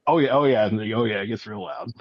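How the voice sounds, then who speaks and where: A male guest with a low voice tells his story in a halting, matter-of-fact way, with lots of fillers along the way. His audio is dull and lo-fi, as if he is coming in over a remote call. The sound is dry, with no room echo. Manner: halting, many ums and likes, matter-of-fact. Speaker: guest, eyewitness. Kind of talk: casual interview storytelling.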